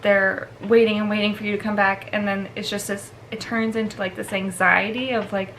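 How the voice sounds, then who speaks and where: A woman's voice: medium pitch, level tone, fairly quick, a bit bright, slight background noise, rough recording. A woman who trains dogs explains the steps in a casual vlog, chatty and full of fillers. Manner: chatty, laughs often, filler-heavy. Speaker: dog trainer.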